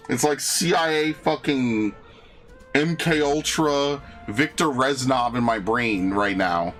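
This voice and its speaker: A man's voice: medium pitch, slow, a bit bright, soft background music. A man streaming a game, reading its dialogue aloud and ranting in crude, sarcastic jokes. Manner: crude, sarcastic, jokey rants. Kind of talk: casual gameplay commentary.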